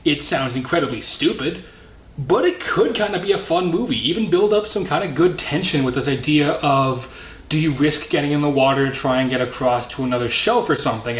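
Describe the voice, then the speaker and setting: A man's voice: medium pitch, reverberant. A man from Canada hosting a casual movie review, rambling and correcting himself with jokey asides.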